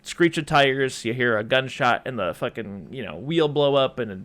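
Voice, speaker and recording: A young podcast host chats casually about movies, rambling as he retells scenes and acts out the quotes. His mid-range voice is animated and a bit bright, moving at a normal speed.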